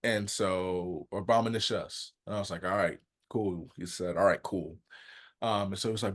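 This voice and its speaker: A man co-hosting a podcast, telling funny stories in a lively, animated way. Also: deep voice, moderate pace. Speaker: podcast co-host. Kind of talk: casual chat, storytelling.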